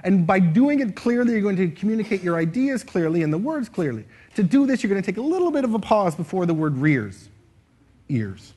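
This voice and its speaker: Leading a live audience through a speaking exercise, this playful man acts out lines in varied tones, his pitch swinging widely. His voice is a little husky and dark, and he's very animated and brisk, changing his delivery to show expression in this interactive stage talk.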